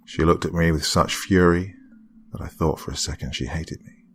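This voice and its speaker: Deep-voiced man narrating horror. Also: fairly even intonation, moderate pace, a little hiss or hum. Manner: hushed, dramatic, slipping into whispers. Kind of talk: scripted first-person horror narration. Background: faint background music.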